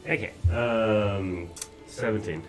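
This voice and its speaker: A man's voice: lowish voice, slow pace, soft background music. A man playing a tabletop game, grumbling wryly about his rolls. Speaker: player. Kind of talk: casual tabletop play.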